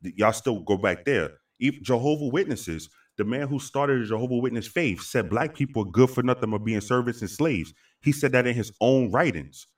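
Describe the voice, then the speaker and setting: A man's voice: medium pitch, animated, normal speed, few pauses. A man hosting a casual podcast chat who speaks emphatically and repeats himself to drive his points home. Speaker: host. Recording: voice far from the mic.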